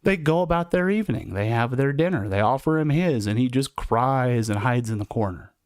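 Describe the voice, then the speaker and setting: A man's voice: medium pitch, expressive, moderate pace, a little mellow, clean tone, dry recording, clean studio sound. A man hosting a livestream, telling stories in a conversational, reflective way. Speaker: livestream host recounting incarceration. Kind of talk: casual storytelling monologue.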